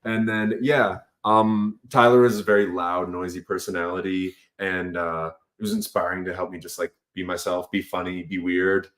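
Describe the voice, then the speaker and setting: A young man in his twenties with a deep voice, talking easily in a casual chat with lots of "um" and "like". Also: level tone, moderate pace, hardly any pauses, a bit bright. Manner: easygoing, hesitant, many fillers and laughs. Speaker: podcast guest.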